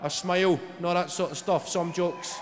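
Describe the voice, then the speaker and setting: Young Scottish comic in a roaring arena. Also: male voice, high-pitched, moderate pace, background noise. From Scotland. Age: 20s. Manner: storytelling, swearing, lively punchlines. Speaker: stand-up comedian. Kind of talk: live stand-up routine. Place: large arena, live audience. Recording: echoey arena with loud crowd laughter.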